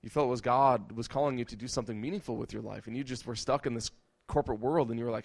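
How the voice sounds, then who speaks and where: A man delivers a sermon at a brisk clip, leaning on rhetorical questions and repetition. His pitch sits in the middle range for a man, and his delivery stays emphatic. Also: fairly even intonation, vocal fry. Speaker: preacher.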